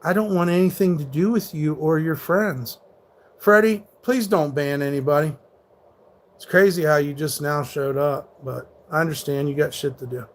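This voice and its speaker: Combative, profane male livestreamer, higher voice. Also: moderate pace. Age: 30s. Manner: combative, profane, rants back at hecklers. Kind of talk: live stream, answering chat.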